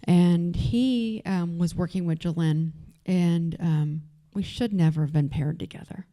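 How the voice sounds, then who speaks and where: Woman with a Texas accent, low and mellow voice, candid personal talk at an event, loose with fillers. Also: measured pace. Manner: candid, conversational, frequent fillers. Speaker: event speaker. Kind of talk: personal story told to an audience. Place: event venue.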